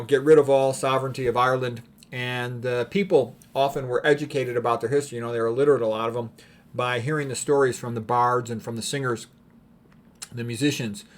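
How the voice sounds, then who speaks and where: Rambling man commenting on paintings. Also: mid-range voice. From United States. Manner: rambling, opinionated, frequent throat-clearing and fillers. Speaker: art commentator.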